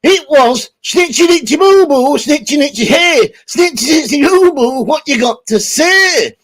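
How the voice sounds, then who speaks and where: A man doing an impression of a grumpy old English rag-and-bone man, with a loud, drawn-out, shouty delivery. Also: extremely high pitch, animated, pitched above the performer's own voice, heavily acted. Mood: indignant.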